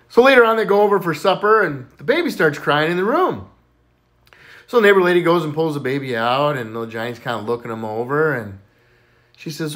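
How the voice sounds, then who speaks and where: A man's voice: on the high side, lively intonation, fairly quick, fairly bright tone. A man telling dirty jokes, acting out the voices as a playful storyteller. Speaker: joke teller.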